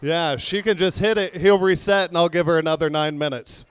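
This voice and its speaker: A man doing a stand-up comedy set on a club stage, telling deadpan stories and acting out both sides of conversations. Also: fairly high pitch, brisk, clean tone, no echo.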